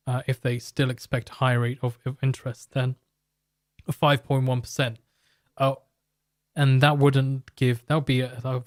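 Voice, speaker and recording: A man's voice: mid-range voice, no room sound, studio quality. A man hosting a live market stream, explaining in a loose, rambling way and joking with chat viewers. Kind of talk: live market commentary and product pitch.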